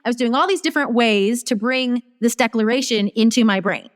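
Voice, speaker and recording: Fast-talking woman in a reverberant room. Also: fairly high pitch. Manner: animated, acts out her own inner dialogue. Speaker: guest business strategist. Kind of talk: casual storytelling interview.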